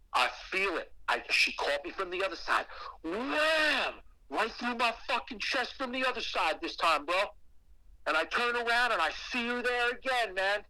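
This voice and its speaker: A man's voice: high-pitched, bright, forceful tone, dry recording, low-quality recording. A man calling into a podcast to tell a frightening personal ghost story, profane and emphatic. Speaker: guest caller telling a ghost story.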